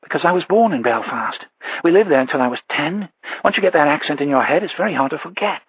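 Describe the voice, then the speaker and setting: A man voicing a composed woman news producer, brisk and matter-of-fact. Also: fairly high pitch, expressive, husky, dry recording, pitched above the performer's own voice. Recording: dull lo-fi audiobook recording.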